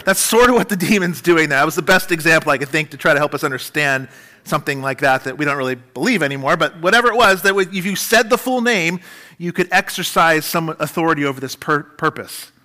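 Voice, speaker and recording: A man preaching a sermon in an animated way, with dramatic swings in pitch and loudness. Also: quick pace. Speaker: pastor.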